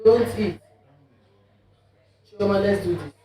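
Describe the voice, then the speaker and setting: A woman's voice: medium pitch, slow, warm tone. A woman teaching an Igbo class, patiently repeating examples and checking that students follow. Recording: roomy classroom picked up from a distance.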